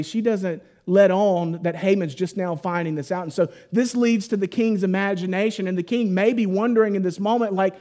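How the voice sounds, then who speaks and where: A man preaching a Bible teaching in a conversational, animated way, full of casual asides. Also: sits high. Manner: conversational and animated, lots of 'like'.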